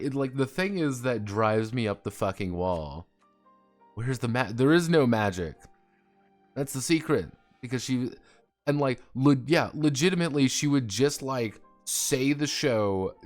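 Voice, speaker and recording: A male streamer in a casual, rambling, sarcastic rant, swearing often and trailing off with fillers. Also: mid-range voice.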